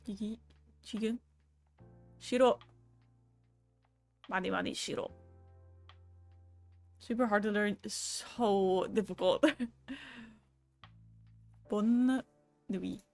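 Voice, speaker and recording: A woman's voice: medium pitch, fairly even intonation, takes it slowly, gravelly, long pauses, soft background music. Laughing, language-hopping woman streamer. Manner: laughs often, swears casually, switches between languages. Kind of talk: casual live-stream chat.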